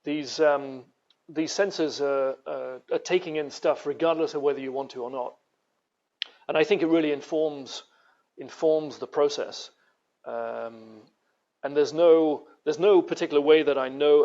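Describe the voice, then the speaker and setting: A man's voice: fairly high pitch, unhurried, a little mellow, dull audio. A man with a British accent, a guest artist telling stories in a rambling, casual interview style with many restarts. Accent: British English.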